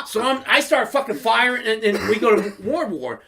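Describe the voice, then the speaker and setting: A man co-hosting a podcast, telling a story in casual chat, animated and profane, acting out what people said. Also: high voice, moderate pace. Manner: animated, profane storytelling, acts out quotes loudly. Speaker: podcast co-host.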